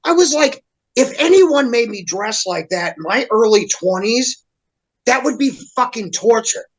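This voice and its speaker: A man's voice: very high-pitched, expressive, unhurried, poor audio. Heated, profane man on a rant. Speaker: podcast regular. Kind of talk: profane ranting chat.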